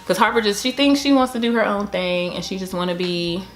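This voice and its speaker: Chatty young mom vlogging at home. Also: female voice, mid-range voice, fairly quick, faint music behind. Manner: chatty, excited cheering for her toddler. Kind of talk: casual vlog.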